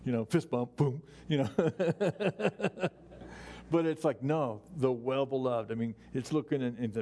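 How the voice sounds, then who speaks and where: A man teaching a Bible study as a pastor, in a relaxed, conversational way with frequent restarts and asides. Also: medium pitch, measured pace. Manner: relaxed and chatty, many "you know"s and restarts, chuckles.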